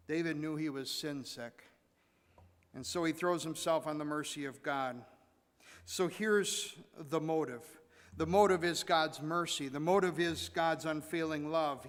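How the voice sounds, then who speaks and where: A man preaching a sermon as pastor, conversational, with repetitions and sudden loud emphasis. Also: on the high side. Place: church sanctuary. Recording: long church reverb.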